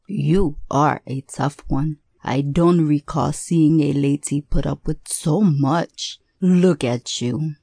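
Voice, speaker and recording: Woman voicing a cruel male tormentor, very low voice, drawn-out mocking delivery, storybook horror. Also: warm tone, slightly rough, dry recording, studio quality, exaggerated voice. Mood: gloating. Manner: slow, mocking, relishing. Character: gloating cruel male tormentor in a hellish place.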